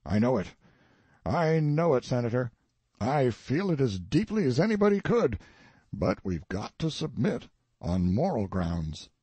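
A man's voice: mid-range voice, very animated, measured pace, mellow, breathy edge, no echo. A man reading the part of a grandiose, eccentric old colonel in an audiobook, declaiming solemnly and pompously. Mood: grandiloquent.

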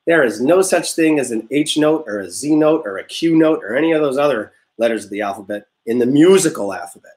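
A young man teaching a music class, leading vocal warm-ups in an upbeat, encouraging way and explaining step by step. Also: medium pitch. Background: guitar notes played under the talk.

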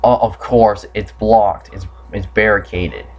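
A man's voice: lowish voice, steady tone, a little slow, a little mellow. A young man commenting on a horror game playthrough, swearing often and yelping when startled. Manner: swears a lot, jumpy and startled. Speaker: gamer.

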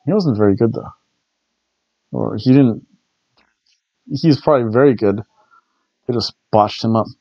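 A man's voice: mid-range voice, measured pace, gravelly, pauses often, no echo, highs cut off. A man hosting a casual wrestling review show, rambling with jokey asides. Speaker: wrestling review podcast host. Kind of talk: casual recap commentary.

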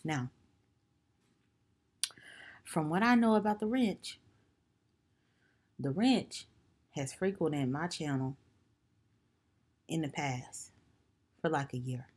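A woman voicing a pompous self-appointed defense attorney, pushing her voice deliberately low for a comedic courtroom parody. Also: a little mellow, breathy edge, exaggerated voice. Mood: mock solemn. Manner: deliberately lowered deep voice.

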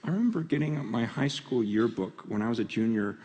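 A man's voice: medium pitch, lively intonation, fairly quick, dark tone. A middle-aged man preaching a conference sermon, earnest and pleading, with stammering restarts. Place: large conference hall. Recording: long hall reverb.

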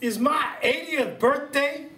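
A man's voice: very high voice, slow pace, sharp tone, heavily acted. A man acting an eighty-year-old man who is hard of hearing and stammers as he asks what was said. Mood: confused. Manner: stammering, asking to repeat. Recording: roomy room sound from a distant camera.

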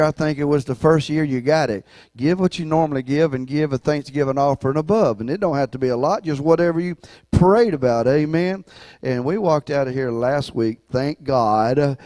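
A man's voice: mid-range voice, moderate pace, a little mellow, no room sound. A man, a pastor talking casually and rambling in folksy phrases during the church offering. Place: church sanctuary.

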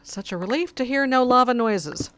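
A woman's voice: a little high, lively intonation, normal speed, a bit bright, slight background noise. A woman hosting a casual gameplay video, chatting as she plays and talking to her cat in between. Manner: chatty, talks to her cat while playing. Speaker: let's play host.

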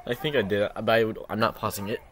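A teenage boy hosting a casual reaction video at home, excitable and self-mocking, saying "bro" a lot. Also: on the low side, quick pace, a little hiss or hum. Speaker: channel host reacting to his own old basketball video.

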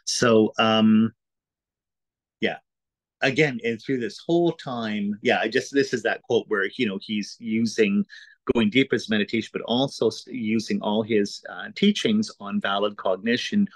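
A man's voice: fairly low pitch, measured pace, no room sound, low-quality recording. A man teaching an introductory course in a casual, explanatory lecture style, talking informally with frequent "uh"s and "right?"s.

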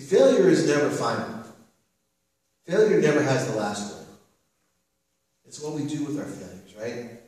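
A man's voice: medium pitch, animated, moderate pace, pauses often, a little mellow. Earnest preacher man in an echoey church. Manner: earnest, repeats phrases, asks "right?". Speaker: pastor. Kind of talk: sermon. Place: church sanctuary. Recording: echoey church hall from far off.

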